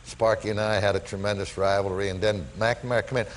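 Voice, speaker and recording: An older man, a talk show guest, telling animated stories about his life to the host. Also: lowish voice, fast, slight background noise, rough recording. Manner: animated storyteller, voice rising when excited. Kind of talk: storytelling in a talk show interview. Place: television studio with audience.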